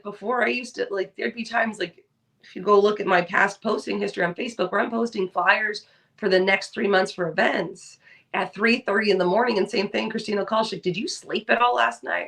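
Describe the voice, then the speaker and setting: A woman co-hosting a podcast, chatting casually and telling lively stories, acting out the people she quotes. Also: mid-range voice, gravelly, far from the mic. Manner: animated storyteller, acts out quoted voices. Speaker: podcast co-host. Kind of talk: casual chat.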